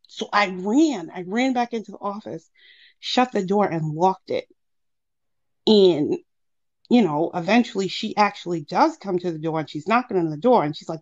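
A woman's voice: mid-range voice, moderate pace. A woman in her thirties calling in, telling a personal story casually with lots of fillers and acted-out quotes. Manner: animated, acts out quotes, many fillers. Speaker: caller. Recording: muffled lo-fi call audio.

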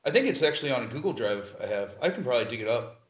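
A man's voice: medium pitch, rapid-fire. A man telling band stories in casual talk, swearing freely and laughing often. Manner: profane, animated, laughs often. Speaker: guest musician. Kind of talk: casual storytelling. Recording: echoey lo-fi room recording.

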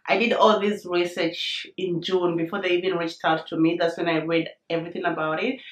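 A woman hosting a casual unboxing vlog, excited and chatty, often saying "you guys", her voice a little hoarse from a cold. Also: medium pitch, echoey room. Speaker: vlogger reviewing a handbag.

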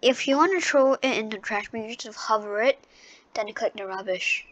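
A woman with a somewhat high voice speaks at a moderate pace in a casual screen-recorded tutorial, talking into her computer mic. As host she's chatty and unpolished, full of fillers and restarts, with lo-fi sound.

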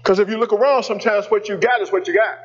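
A man's voice: high-pitched, steady tone, quick pace, breathy edge, lo-fi sound. A male pastor preaching a sermon, telling a personal story in a conversational way and calling out to the congregation.

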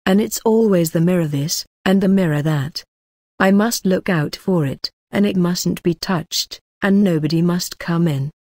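A woman's voice: fairly low pitch, darkish tone, dry recording, clean studio sound. A woman voicing a drunken, self-pitying male manservant who rambles thickly in broken grammar, in a storybook reading.

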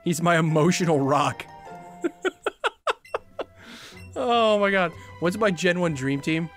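A man casually chatting while playing a video game, moving from low mumbles to excited outbursts. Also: slow, soft background music. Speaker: gaming video host. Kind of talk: casual let's-play commentary.

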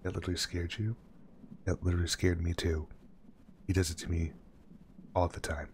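A man streaming a horror game, joking with chat and reading on-screen instructions aloud, often dropping to a hush. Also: low-pitched, little pitch movement, brisk, background noise. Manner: jokey, reads on-screen text aloud, drops to a hush. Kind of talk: casual gameplay commentary.

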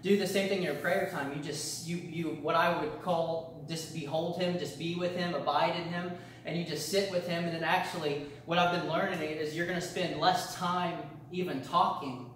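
A man's voice: fairly high pitch, steady tone, normal speed, a bit bright, slight background noise. A male pastor teaching a church discipleship class, earnest and repetitive, often restarting his phrases. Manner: earnest, repetitive preaching cadence with frequent restarts. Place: church meeting room. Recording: very echoey room, mic far off.

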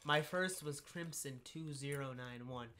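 A man's voice: fairly high pitch, a little slow, bright, forceful tone. Man, podcast co-host, casual chat, laid-back, filler-heavy storytelling.

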